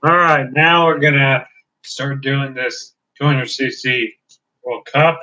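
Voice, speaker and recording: A man's voice: medium pitch, fairly even intonation, takes it slowly, sharp tone. A man hosting a casual let's-play video, rambling and restarting his sentences. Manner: rambling, hesitant with many restarts. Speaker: gaming video host. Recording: dull lo-fi recording.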